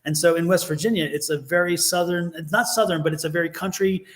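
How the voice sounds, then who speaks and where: A man with a Baltimore accent, co-hosting a relaxed chat in a playful, rambling way. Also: on the high side, fast talker. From Baltimore, Maryland. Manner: chatty, playful, repeats words and restarts often. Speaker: tarot reader and co-host. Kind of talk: casual chat.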